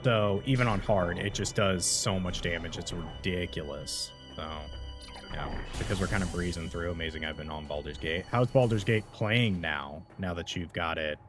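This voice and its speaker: Deep-voiced man streaming a game. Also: normal speed, music in the background. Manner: casual, chatty, talks to chat while playing. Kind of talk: live gameplay commentary.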